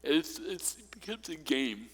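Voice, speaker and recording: A man's voice: fairly high pitch, very animated, normal speed, a bit bright, slightly rough, big-room sound. A man preaching a sermon, telling funny personal stories and then turning earnest and encouraging. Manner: humorous, personal storytelling. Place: church.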